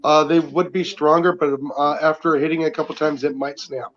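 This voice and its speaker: Male call-in guest, a bit high-pitched, muffled line, laid-back talk. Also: fairly even intonation, brisk, fairly bright tone. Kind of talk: casual chat. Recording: dull lo-fi call audio.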